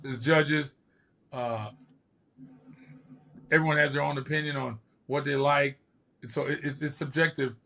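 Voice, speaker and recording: Gravelly older man telling stories. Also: on the high side, unhurried, pauses often. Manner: lively storyteller who acts out quotes. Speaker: podcast host and former bodybuilder. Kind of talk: casual storytelling.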